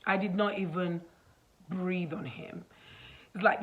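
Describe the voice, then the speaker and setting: Woman vlogging, fairly low voice, animated storyteller, lots of ums. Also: unhurried, phone-quality sound, slight background noise. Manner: animated, acts out dialogue, fillers. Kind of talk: casual storytelling to camera.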